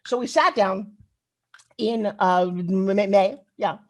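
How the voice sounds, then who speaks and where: Taking it slowly, a middle-aged woman with a medium-pitched voice narrates stories in an informal conference keynote. Her manner is animated and chatty as she speaks directly to those in the room.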